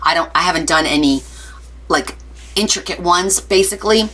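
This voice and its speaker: A woman's voice: fairly low pitch, normal speed, pushed and bright, slightly rough. A woman hosting a casual craft live stream, chatty and playful, reading viewer comments aloud and answering them with jokey asides. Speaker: craft livestream host.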